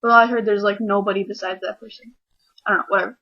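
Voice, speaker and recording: A teenage girl ranting casually to camera, rambling and acting out little scenes in quick voices. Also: mid-range voice, steady tone, bright, forceful tone, lo-fi sound. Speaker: vlogger. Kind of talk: casual comedic rant to camera.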